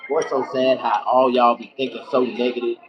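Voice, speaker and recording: A man's voice: mid-range voice, flat delivery, fairly quick, dull audio. A middle-aged man ranting crudely to his viewers in casual, boisterous storytelling. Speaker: streamer.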